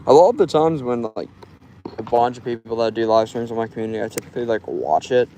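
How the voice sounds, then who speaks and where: Young man, from Florida, fishing live stream, rambling casual chat, middle pitch, faint background noise. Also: fast talker, mellow, low-quality recording. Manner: loose and rambling, full of "like". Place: outdoors by a river.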